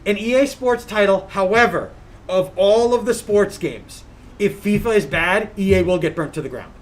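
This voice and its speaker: A woman from Long Island co-hosting a casual gaming podcast, animated and jokey, laughing often. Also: mid-range voice, moderate pace. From Long Island, New York. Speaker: podcast co-host. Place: streaming setup.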